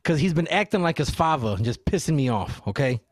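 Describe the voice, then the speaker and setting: A father in casual chat, telling animated stories and acting out what people said. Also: on the high side, brisk, dry recording. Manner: animated storyteller who acts out quotes.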